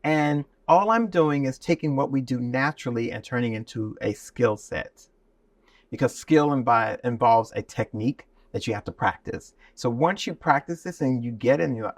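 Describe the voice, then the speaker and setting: A man's voice: medium pitch, moderate pace, no echo, distant mic. Man teaching voice, bursts into song. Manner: demonstrative, shifts into singing to illustrate. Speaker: voice and speaking teacher. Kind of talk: explaining with sung and spoken examples.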